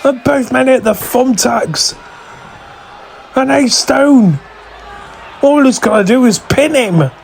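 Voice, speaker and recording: A man giving excited play-by-play wrestling commentary, shouting through near falls, his voice going hoarse from screaming. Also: very high voice, slow, long pauses, a little hiss or hum. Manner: shouting near counts, voice straining.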